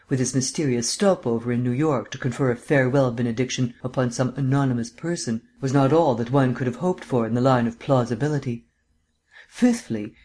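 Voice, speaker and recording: A man with a mid-range, somewhat dark voice that sounds close to everyday speech reads an audiobook. He voices a languid, erudite amateur detective who lectures at length in a mannered drawl.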